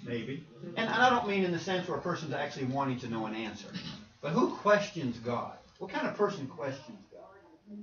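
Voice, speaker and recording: An animated male preacher with a lively, swooping voice and a slightly high pitch. He talks with the class, tosses questions out and laughs as he goes. The sound is roomy and muffled, picked up from a distance in a church hall. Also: normal speed. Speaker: preacher leading a Bible class. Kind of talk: interactive Bible class teaching.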